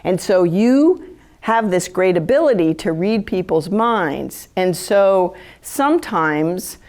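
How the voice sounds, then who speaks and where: Speaking slowly in a somewhat low voice, a woman gives a live talk on empathy. Her manner is chatty and animated, casual with the audience, and she often acts out quoted inner thoughts.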